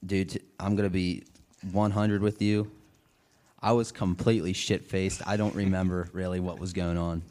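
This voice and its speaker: Deep-voiced, profane young man. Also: little pitch movement, moderate pace, a little mellow. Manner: blunt, profane, easygoing. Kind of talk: casual chat.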